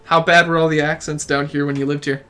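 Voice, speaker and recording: A man's voice: a little high, little pitch movement, bright, forceful tone, smooth, soft background music. A man with a Southern US accent from Tennessee, hosting a casual live gameplay stream, rambling and joking with his co-players. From Tennessee, USA. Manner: rambling, chatty, quick to joke with co-players. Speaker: game streamer host.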